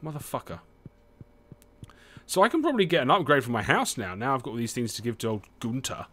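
A young British man with a mid-range, sing-song voice talks fast and sharp while playing a farming game. As a gaming streamer doing casual let's-play commentary, he swears often and hums to himself.

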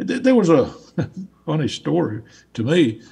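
A man's voice: a little high, very animated, unhurried, creaky, warm tone, slight background noise. A man with a Southern US accent, a guest in an interview, telling stories in a rambling way and restarting his words often. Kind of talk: casual storytelling conversation.

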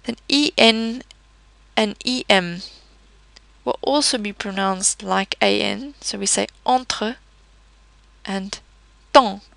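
A woman gives a pronunciation lesson at an unhurried pace, stopping now and then to correct herself. Her voice has a gravelly, fry-tinged edge, and the sound is dry and close. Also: medium pitch, a bit bright, dry recording, low-quality recording. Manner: slow, patient explaining with fillers and self-corrections. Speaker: French teacher.

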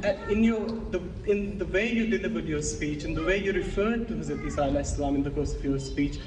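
A man speaks up from the audience, hesitant and measured, pausing often as he picks his words. He sits far from the microphone in a roomy hall. Clear background noise runs under him. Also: on the high side. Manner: hesitant, measured, halting with fillers. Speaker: audience questioner. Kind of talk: question from the floor. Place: large lecture hall.

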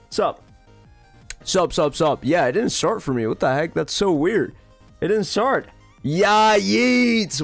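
An excitable male streamer chats his way through a live game session, greeting viewers by name and reacting to chat. His voice sits on the higher side, and soft music plays faintly underneath.

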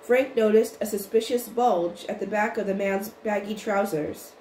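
Woman reading a story aloud, roomy sound. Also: medium pitch. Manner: even, unhurried reading with small restarts. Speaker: audiobook reader. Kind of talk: storybook narration. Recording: roomy with faint noise.

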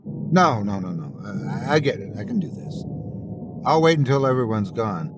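A man's voice: medium pitch, big pitch swings, normal speed, over music, lightly acted. Man voicing a frightened teenage boy. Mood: pleading. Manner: pleading, shaken. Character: scared teenage boy who stole a grave rock. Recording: noisy recording.

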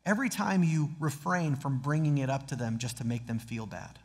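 A man's voice: mid-range voice, fairly quick, a little mellow, long reverb tail. A man preaching a sermon as pastor, earnest, reading scripture aloud with dramatic emphasis. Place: church sanctuary.

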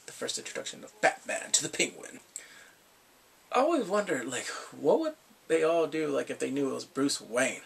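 Man reviewing a TV episode, husky gravelly voice, lively pitch, recorded from a distance. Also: normal speed. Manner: animated, laughing, acts out characters' lines. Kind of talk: casual spoken recap and review.

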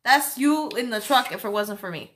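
A woman's voice: on the high side, animated, normal speed, background noise. A woman co-hosting a comedy video, teasing and exclaiming with crude playful insults. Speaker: comedy vlog co-host. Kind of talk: crude improvised comedy banter.

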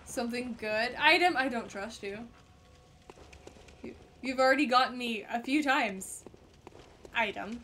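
A woman streamer giving excitable, foul-mouthed commentary to her viewers while playing a game. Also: a little high, a little slow, pauses often, a little hiss or hum. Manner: excitable, swears freely, talks to her viewers. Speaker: gaming streamer. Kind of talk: let's play commentary. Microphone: headset or desk mic.

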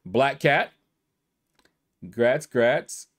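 A gaming YouTuber with a medium-pitched, mid-range voice reads through a game leaderboard in loose, easygoing commentary, speaking extremely slowly and expressively. He shouts out players one at a time, stretching some names into a playful drawl, so it comes across as a casual gaming video.

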